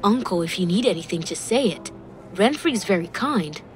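A woman reading a calm, halting young man. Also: medium pitch, soft background music, lightly acted.

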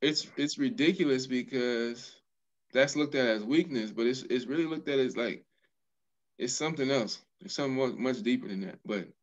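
A man in a casual chat as co-host, easygoing, with hesitant restarts and quick affirming replies. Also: medium pitch, lo-fi sound.

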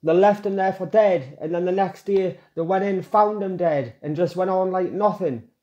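A man's voice: high voice, moderate pace, dark tone, highs cut off. A man hosting a reaction video, explaining rap lyrics to his viewers in a casual, earnest way and getting emotional.

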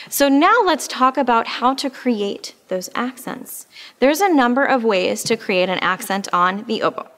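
A woman's voice: medium pitch, fairly bright tone. A woman teaching an oboe lesson, explaining patiently and with frequent fillers. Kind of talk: instructional music lesson.

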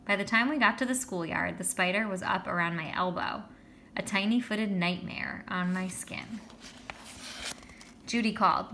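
A woman narrating a children's story in the first person with a lively, expressive reading. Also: medium pitch, normal speed, vocal fry, slight background noise. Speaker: audiobook reader.

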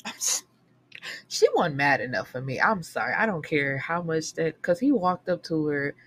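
A woman with a slightly low voice tells a book's plot in a loose, animated way, swearing freely and slipping into the characters' lines as she goes. It is casual talk for a book podcast, with faint noise in the background. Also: normal speed. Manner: animated storytelling, profane, swings into character quotes.

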